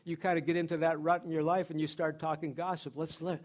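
A man's voice: on the high side, level tone, fast talker. Man preaching a conversational sermon. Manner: conversational preaching with repeated phrases and restarts. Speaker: pastor. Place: church.

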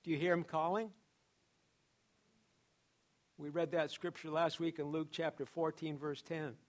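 A man's voice: a little high, little pitch movement, a little slow. A pastor preaching a sermon to his church, building emphasis through repeated phrases. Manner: preaching with repetition and rising emphasis.

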